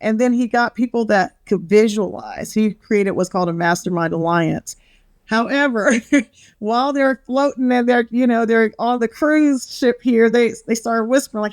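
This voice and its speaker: A woman's voice: on the high side, normal speed, no echo, clean studio sound. A middle-aged woman on a podcast, a bubbly storyteller who acts out quotes and laughs often. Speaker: podcast guest, wellness author. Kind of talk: casual interview chat.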